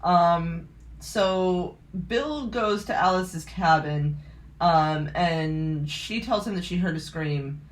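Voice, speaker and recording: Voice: medium pitch, takes it slowly. Casual podcast co-host recapping a film. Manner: rambling plot summary with frequent swearing and laughs. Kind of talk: casual movie recap chat.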